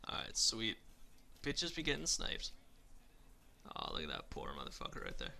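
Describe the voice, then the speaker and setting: A young man calls out his gameplay in an excitable, profane stream of commentary. His voice is bright and forceful with a gravelly edge, and his pitch leaps around constantly. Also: moderate pace, pauses often. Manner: excitable, loud and profane, shouting at other players. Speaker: gamer doing commentary.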